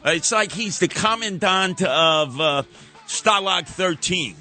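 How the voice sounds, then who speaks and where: A man hosts talk radio in a sarcastic ranting style, slipping into mocking sing-song asides. His voice sits a bit high and sounds bright and forceful, with faint music underneath. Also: slow.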